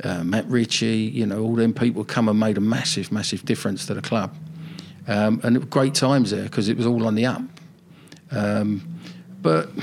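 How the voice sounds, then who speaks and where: A man's voice: fairly low pitch, a little hiss or hum. An older man, a football manager telling rambling, nostalgic stories in a casual interview.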